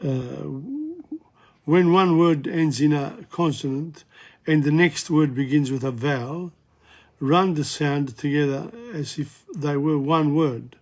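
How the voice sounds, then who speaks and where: Male teacher, slightly high voice, unhurried, chatty, a bit hoarse. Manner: chatty, self-interrupting, repeats phrases slowly. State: losing his voice, coughing. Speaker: French teacher. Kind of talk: casual spoken language lesson.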